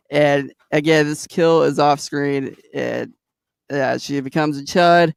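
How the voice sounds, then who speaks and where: A man co-hosting a podcast, recapping a movie in casual chat, animated and laughing often. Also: fairly high pitch, moderate pace, vocal fry, clean tone, no echo, clean studio sound. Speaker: podcast co-host.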